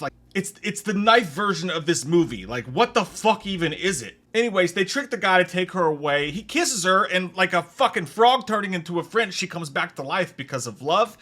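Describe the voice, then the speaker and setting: A man's voice: high-pitched, normal speed, few pauses. A young man hosting a comedic movie review, ranting with heavy swearing and mocking impressions of the characters. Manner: profane, animated, mocking impressions.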